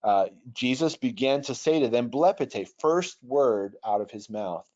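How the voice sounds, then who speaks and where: Through dull, lo-fi webinar sound, a man teaches Greek grammar as an online Bible software trainer. His mid-range voice is expressive, unhurried, and darkish in tone, and he patiently, thoughtfully restarts sentences often.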